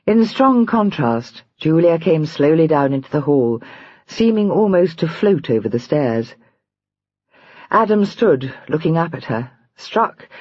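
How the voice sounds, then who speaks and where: A woman narrates a novel in a measured, expressive way, her pitch moving a good deal. Her voice is slightly husky. The recording is dry and a little dull, with no room sound. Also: dry recording. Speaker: audiobook narrator. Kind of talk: scripted narration of a historical romance.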